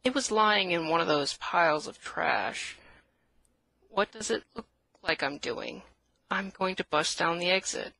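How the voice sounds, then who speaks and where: A woman's voice: on the low side, animated, unhurried, vocal fry, sharp tone. A woman playing a sarcastic, defiant character who snaps back at the narrator. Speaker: protagonist in a comic audio story.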